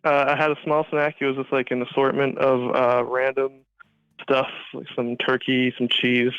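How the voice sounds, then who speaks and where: Friendly, halting male caller on a dull, dry call line; smooth voice. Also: medium pitch, flat delivery, no echo, soft background music. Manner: friendly, hesitant, lots of fillers. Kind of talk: casual phone chat.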